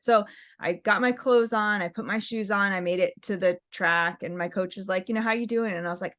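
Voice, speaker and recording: A woman's voice: mid-range voice, brisk, a bit bright. A woman, a professional marathon runner, answering interview questions in an earnest, encouraging way with many fillers. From United States. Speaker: guest, pro marathon runner.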